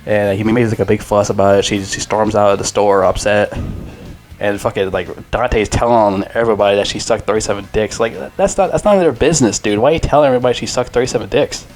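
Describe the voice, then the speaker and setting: A man's voice: on the low side, fast talker, a little mellow, soft background music. A man in his twenties giving a casual, rambling and profane movie review. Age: 20s.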